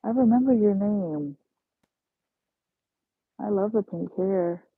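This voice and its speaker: Gravelly-voiced New woman chatting. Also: medium pitch, animated, slow, no room sound. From New York. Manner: chatty, slangy, self-mocking, laughs often. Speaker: travel nursing aide, livestream host. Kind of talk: casual livestream chat. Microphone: phone. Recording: dull lo-fi phone audio.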